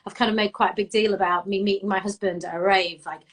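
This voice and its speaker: A woman from Bradford with a Yorkshire accent, chatting casually on a live video call and telling lively stories, swearing now and then. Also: mid-range voice, fast. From Bradford, England. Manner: lively storytelling, swears freely. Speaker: interview guest. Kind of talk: casual chat. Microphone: phone or laptop on a live video call.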